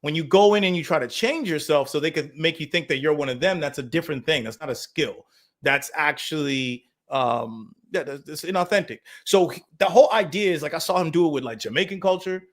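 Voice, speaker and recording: A male guest in a relaxed podcast conversation, laying out his view step by step. His voice sits on the higher side and stays measured. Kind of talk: casual podcast chat.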